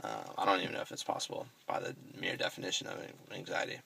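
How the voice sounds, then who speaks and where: A man's voice: low voice, big pitch swings, fast talker, vocal fry, pushed and bright, breathy edge, rough recording. A young man vlogging, telling a personal story in a rambling, self-correcting way and swearing casually.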